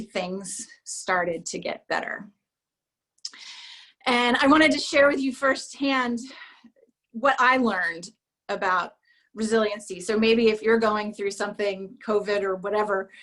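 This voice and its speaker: A woman giving a talk, telling a personal story in an emotional, halting way and dropping to a hush at the saddest parts. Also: medium pitch. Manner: emotional, halting, drops to a hush at sad moments. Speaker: speaker at a business event.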